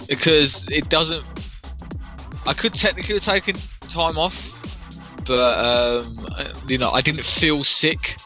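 A man's voice: a little high, takes it slowly, faint music behind. A British man co-hosting a casual podcast, telling stories and acting out the voices of people he quotes. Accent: British English. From Britain. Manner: animated storyteller, acts out quoted voices. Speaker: podcast co-host. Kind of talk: casual chat.

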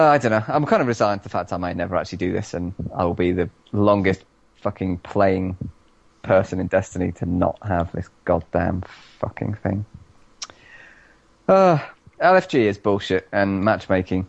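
A British man co-hosting a casual podcast, ranting loudly with lots of swearing. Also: deep voice, normal speed, creaky, dry recording, highs cut off. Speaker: podcast co-host. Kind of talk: casual chat.

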